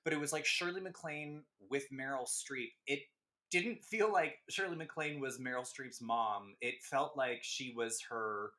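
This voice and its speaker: Chatty man with a bright voice. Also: mid-range voice, a little slow. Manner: chatty, laughing, emphatic asides. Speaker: podcast host. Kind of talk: casual film chat.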